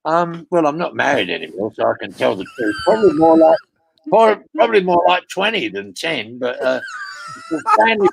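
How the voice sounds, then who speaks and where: A man's voice: fairly high pitch, very animated, normal speed, creaky, a little hiss or hum, poor audio. An older man telling long rambling road stories in a casual interview, swearing freely and padding with "you know what I mean". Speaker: guest storyteller.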